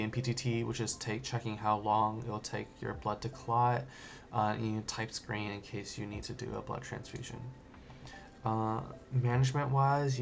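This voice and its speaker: A man with a low, gravelly voice talks through a nursing exam review. He keeps it flat and casual and leans on filler words as he goes. A faint hiss sits under the recording. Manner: loose and conversational, full of "like" and "you know". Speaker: nursing educator.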